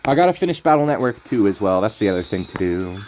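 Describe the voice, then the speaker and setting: A man's voice: fairly low pitch, very animated, fast, background noise. Rambling, playful male game streamer. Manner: rambling, laughs often, playful. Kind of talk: casual gaming commentary.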